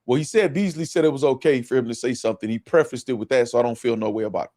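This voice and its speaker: A livestream host reacts to clips with casual, profane commentary, animated and repetitive as he talks over them and repeats himself. His male voice is mid-range and very fast.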